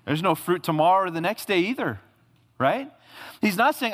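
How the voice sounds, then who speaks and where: A male pastor delivers a sermon with a fairly high voice. He swings from loud, emphatic peaks to low, hushed lines and slips into casual asides that act out quoted voices. His voice carries a long reverb, as in a large hall. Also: sing-song, moderate pace.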